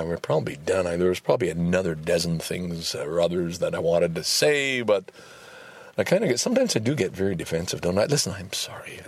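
A man hosting a casual solo podcast, ranting in an animated and profane way. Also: sits low, husky. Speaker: podcast host.

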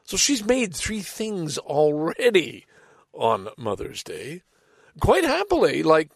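A middle-aged man telling a casual personal anecdote in a rambling, halting way, with sighs and restarts. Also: a little high, huge pitch swings, creaky, slightly rough, no echo, clean studio sound. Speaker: storyteller.

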